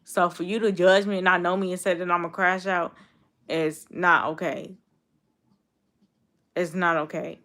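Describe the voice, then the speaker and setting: A woman's voice: on the low side, flat delivery, unhurried, long pauses, a bit bright. Blunt twenty-year-old woman streamer. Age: 20s. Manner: blunt, repetitive, talks straight back to commenters. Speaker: YouTube streamer. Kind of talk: casual live-stream chat with viewers.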